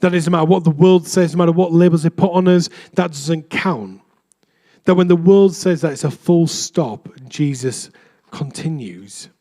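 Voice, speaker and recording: A man's voice: on the high side, normal speed, mellow. A young adult man, a vicar, preaching a chatty, self-deprecating sermon in a church.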